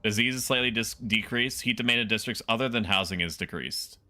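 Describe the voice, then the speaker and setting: Bright-voiced joking male game streamer. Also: on the low side, brisk. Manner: joking, chatting with chat. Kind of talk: casual gaming livestream commentary.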